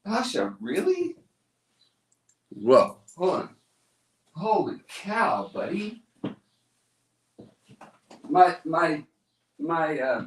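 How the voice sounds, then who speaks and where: A man hosting a live stream from home, chatting casually and wandering off on tangents as he greets viewers by name. His pitch sits in a middle range. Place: room at home.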